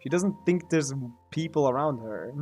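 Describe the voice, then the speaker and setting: A man's voice: on the high side, animated, unhurried, a little mellow, soft background music. A man streaming a video game, commenting casually in a rambling, joking way and laughing often.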